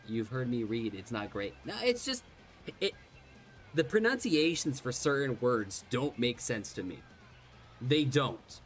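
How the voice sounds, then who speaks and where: A man's voice: medium pitch, a little hiss or hum. A man from Ireland chatting casually while streaming a game, rambling and self-deprecating, with lots of restarts and swearing.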